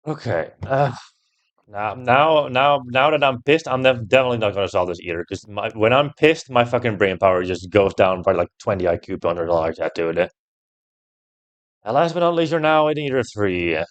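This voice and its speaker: A young man commenting while he plays a puzzle game, thinking out loud, swearing often and getting loudly frustrated. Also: lowish voice, lively intonation, fairly quick. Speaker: gameplay streamer.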